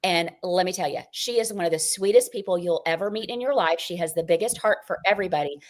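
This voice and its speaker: A woman's voice: fairly low pitch, fast talker. Lady podcast host, upbeat and chatty, gushing about her guest, casual talk. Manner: enthusiastic, chatty, frequent "I love it". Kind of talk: casual interview introduction.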